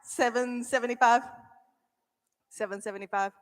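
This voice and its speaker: A woman auctioneer calling bids at a charity auction in quick, repetitive, playful rounds. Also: fairly high pitch, fairly even intonation. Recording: reverberant event hall.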